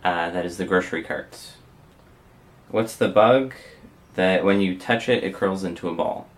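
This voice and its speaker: Young Canadian man, low voice, hesitant and casual, filler-heavy vlog delivery. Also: a little slow. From Windsor, Ontario, Canada. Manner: hesitant, frequent uh fillers, soft-spoken. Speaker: vlogger. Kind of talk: casual accent challenge reading.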